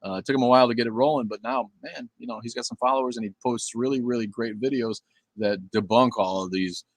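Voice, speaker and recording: A man's voice: mid-range voice, fast, dry recording. A middle-aged man hosting a casual livestream, answering viewer comments in a blunt, profane and rambling way with many fillers. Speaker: livestream host.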